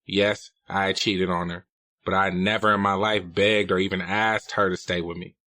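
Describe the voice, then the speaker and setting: A man's voice: low voice, flat delivery, moderate pace, pushed and bright, dry recording. A man narrating a novel in the first person, in a blunt, profane, streetwise manner. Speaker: audiobook narrator.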